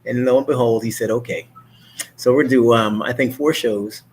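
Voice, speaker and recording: A man's voice: mid-range voice, brisk, a little hiss or hum. A man hosting his own talk show, chatting in a casual, rambling monologue full of fillers and restarts. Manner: mimics others' voices in animated quotes.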